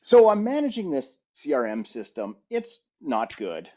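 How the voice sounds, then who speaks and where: A man's voice: a little high, measured pace. Middle-aged man telling a rambling story. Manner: lively, rambling anecdote with frequent restarts. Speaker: podcast co-host. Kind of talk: casual storytelling. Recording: slightly muffled audio.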